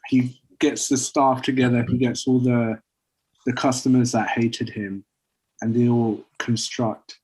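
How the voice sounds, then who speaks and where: A man casually pitching a story idea to friends, rambling with lots of fillers. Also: a little mellow, husky, poor audio. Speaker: podcast co-host pitching a story. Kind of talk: casual chat.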